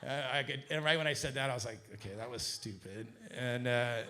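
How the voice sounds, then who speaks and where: A middle-aged man from Southern California telling a business story to an audience, acting out the quoted voices with a rising pitch. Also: a little fast. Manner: animated, acts out quoted dialogue with rising pitch. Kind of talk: casual storytelling talk to an audience.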